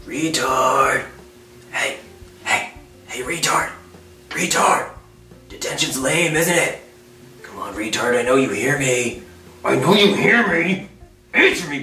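A man voicing a taunting schoolboy bully with a gravelly voice. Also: mid-range voice, expressive, takes it slowly, long pauses, sharp tone, roomy sound, faint music behind, exaggerated voice.

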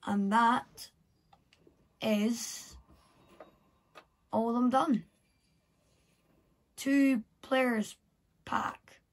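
A husky, fairly high woman's voice talks slowly through a video game, half muttering to herself as she thinks aloud. The commentary is casual and unhurried, with soft keyboard clicks behind her. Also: steady tone. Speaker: gameplay vlogger.

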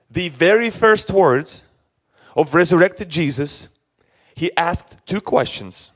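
Pastor, male, high voice, slow deliberate sermon delivery, earnest and repetitive, Russian native speaker. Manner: earnest, repeats phrases, speaks in short phrases. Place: church.

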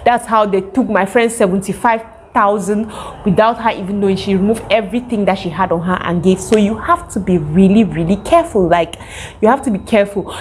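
A young Cameroonian woman telling a casual storytime to her viewers, lively and animated. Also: medium pitch, a little hiss or hum. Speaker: vlogger.

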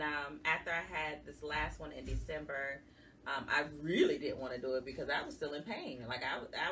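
A woman with a low, bright-edged voice shares a heartfelt personal story in a conversational way. She sounds a little distant from the mic, with a faint hiss behind her. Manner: earnest, emotional, conversational. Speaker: guest, support group founder. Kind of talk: personal testimony in an interview. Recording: somewhat distant mic with faint background noise.

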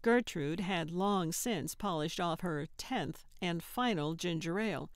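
Measured, unhurried woman narrator. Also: fairly low pitch, no room sound, studio quality. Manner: steady and measured. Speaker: audiobook narrator. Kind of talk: scripted narration.

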